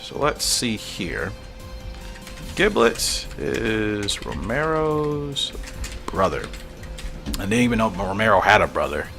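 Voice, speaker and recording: A man's voice: fairly low pitch, very animated, slow pace, gravelly, pauses often, music in the background. A man giving casual commentary while reading through a comic, musing and thinking aloud, at times confused.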